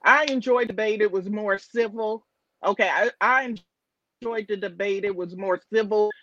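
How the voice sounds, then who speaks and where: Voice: mid-range voice, moderate pace, fairly bright tone, no room sound, muffled recording. A guest on a call, chatting casually and hesitantly, with fillers and restarts. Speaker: guest caller. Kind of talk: casual chat.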